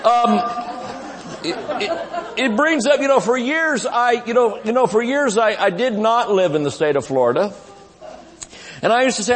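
A man in his fifties preaches a live sermon at a conference, joking and laughing, then shouting some lines. His voice sits high and swings widely in pitch. The sound carries the long reverb of a big church sanctuary.

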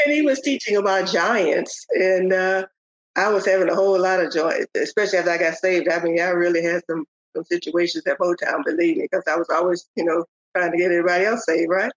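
An older woman, a podcast guest, telling the story of her faith in a halting way, with many pauses and restarts. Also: fairly low pitch, no room sound. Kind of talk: telling a personal faith testimony. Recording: dull, lo-fi audio.

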